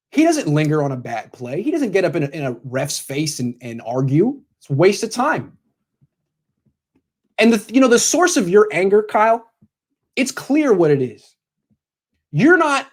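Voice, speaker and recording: A man doing sports opinion commentary, bluntly lecturing a coach directly in the second person. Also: sits high.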